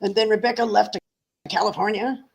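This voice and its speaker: Lady singer on an interview, chatty and laughy, tells stories, kinda mid-pitched voice. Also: fairly quick, creaky, slightly rough. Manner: lively, chatty storyteller who laughs often. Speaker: singer guest. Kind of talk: casual interview chat.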